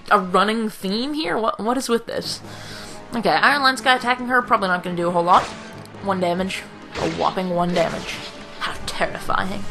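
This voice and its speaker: A young woman in her late teens with a slightly rough throat, giving dry, rambling, self-mocking commentary over a video game at home. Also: medium pitch, sharp tone, rough recording. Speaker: let's play commentator. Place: home room.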